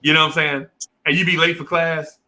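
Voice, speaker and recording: A middle-aged man tells a long story in casual talk. His voice is bright and sits a little high. He jumps between quoted voices and keeps dropping in slang. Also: level tone, brisk. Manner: acts out teachers and kids in quoted voices, heavy slang. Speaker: podcast co-host telling a childhood story.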